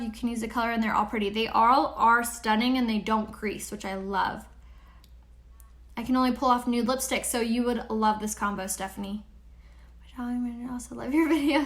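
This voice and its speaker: A woman hosting a live makeup tutorial, chatting upbeat with viewers and pitching her products. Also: fairly bright tone, echoey room. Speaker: makeup seller and tutorial host.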